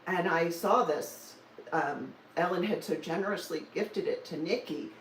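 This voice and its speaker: A woman's voice: lowish voice, unhurried, a little hiss or hum. Chatty woman in her sixties, roomy sound. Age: 60s. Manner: chatty, teasing, laughs often. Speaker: cross-stitch vlogger. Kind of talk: casual live-stream chat. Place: home in Denver. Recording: roomy, slightly distant mic with faint ambience.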